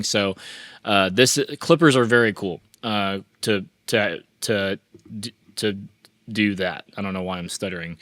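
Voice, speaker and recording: A man hosting a relaxed mixing tutorial, talking through his plugin settings with frequent restarts and fillers. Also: on the low side, no echo, studio quality. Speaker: mixing engineer and tutorial host. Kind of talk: casual screen-share mixing walkthrough.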